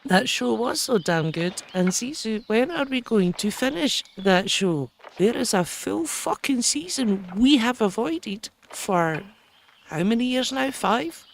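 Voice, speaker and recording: A woman streaming a game in a hoarse, unusually deep voice, chatty and exasperated, with a swear never far away. She talks at a slow, drawn-out pace. A faint hiss runs under the recording. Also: animated. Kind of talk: casual gaming stream commentary.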